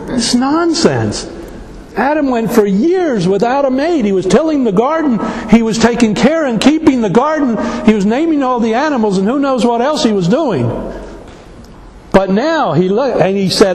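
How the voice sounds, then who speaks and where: A man preaches a sermon in a high, lively voice, piling up rhetorical questions. He speaks slowly and deliberately. The sound rings through a big hall with long reverb and faint background noise. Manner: animated, full of rhetorical questions.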